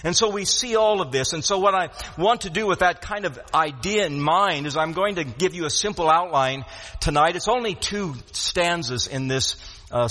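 High bright preaching man in a reverberant hall. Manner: earnest preaching with frequent restarts and repeated words. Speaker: pastor. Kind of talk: sermon.

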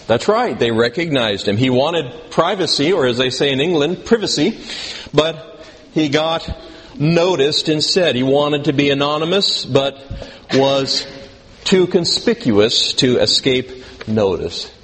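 A man's voice: on the high side, expressive, unhurried, fairly bright tone. A male pastor preaching a sermon in a conversational way, asking the congregation questions and adding dry humor. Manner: dry self-deprecating humor. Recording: long reverb in a hall, faint background noise.

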